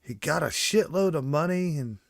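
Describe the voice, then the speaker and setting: A man of middling pitch co-hosting a casual podcast, with a lively voice that swings up and down. He is blunt and profane and gets easily worked up. The sound is dry and close. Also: normal speed, vocal fry, no room sound. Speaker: podcast co-host.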